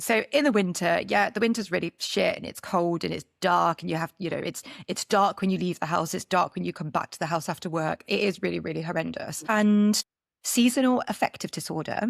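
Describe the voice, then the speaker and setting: Podcast co-host: woman from Britain, lower voice with a gravelly edge, chatty and emphatic. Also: a little fast, dry recording, studio quality. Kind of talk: casual podcast chat.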